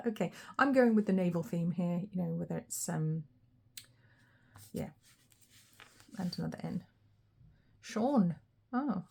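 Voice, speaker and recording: Husky-voiced woman reading tarot. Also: medium pitch, darkish tone. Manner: chatty, thinks aloud, frequent light laughs. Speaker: tarot reader. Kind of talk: casual pick-a-card reading.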